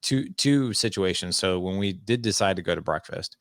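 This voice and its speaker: A man's voice: sits low, normal speed, no room sound, clean studio sound. A man in his forties, a podcast guest telling his story candidly and earnestly, often reenacting conversations. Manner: earnest, animated storytelling with frequent "I was like" quotes.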